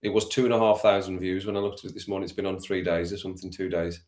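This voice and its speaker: Brief: low-voiced male streamer, casual chatty host, roomy sound. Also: level tone, rapid-fire, a little mellow. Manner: chatty, addresses chat viewers by name, laughs often. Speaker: streamer hosting a football watch-along. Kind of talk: casual live-stream chat with viewers. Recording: roomy echo.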